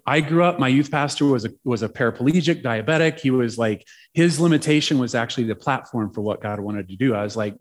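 Animated, lively-voiced male storyteller. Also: medium pitch, a little fast, hardly any pauses. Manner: animated, chatty storyteller with playful asides. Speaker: preacher telling a personal story. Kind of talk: storytelling sermon.

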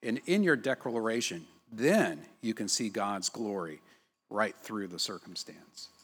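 A man's voice: fairly low pitch, animated, unhurried, fairly bright tone, slightly rough, in a large hall. A man preaching a sermon in a conversational way, often checking in with tag questions. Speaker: pastor.

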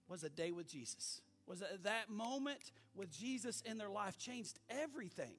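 A middle-aged man preaching as pastor, folksy and animated, asking the congregation for amens. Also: sits high, normal speed, hardly any pauses. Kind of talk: sermon.

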